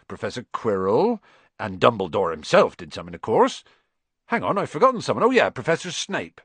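A man's voice: mid-range voice, huge pitch swings, brisk, fairly bright tone, slightly rough, no room sound, full character voice. Hagrid, a man doing a bluff giant gamekeeper. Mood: blustering. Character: big gruff gamekeeper giant, kindly. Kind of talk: audiobook character voice.

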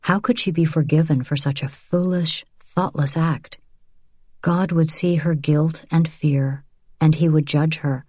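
A woman in measured, unhurried scripted audiobook narration. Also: low-pitched, steady tone, darkish tone, slightly rough, no echo, studio quality.

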